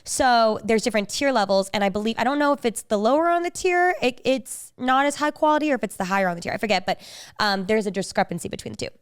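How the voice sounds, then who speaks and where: A woman chats on a podcast with a fairly high voice. Her tone is smooth and clear. She tells stories with quick asides and acts out the lines people said. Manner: chatty storyteller, acts out quotes in animated voices. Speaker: podcast co-host. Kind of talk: casual chat.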